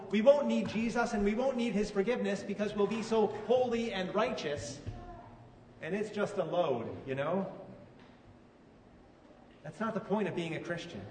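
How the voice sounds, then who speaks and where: A pastor preaches a sermon conversationally, putting questions to his listeners. His voice sits high, and he is captured from far off in an echoey hall with faint ambience and slight background noise.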